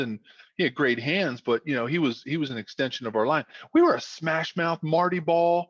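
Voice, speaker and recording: A man's voice: on the high side, dry recording, lo-fi sound. A man, a former football player telling a rambling podcast story full of fillers. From South Philadelphia. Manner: rambling, animated with many fillers. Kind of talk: casual storytelling.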